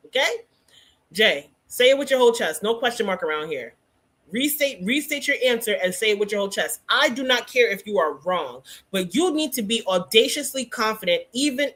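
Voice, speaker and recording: A woman hosting a casual hair care livestream, teaching and teasing viewers by name in an animated way. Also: a little high, moderate pace.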